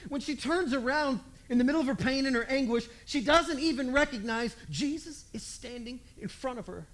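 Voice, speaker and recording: A preacher retelling a story in a lively, conversational way, with humor and sudden jumps in loudness. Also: high voice, moderate pace. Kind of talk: storytelling sermon.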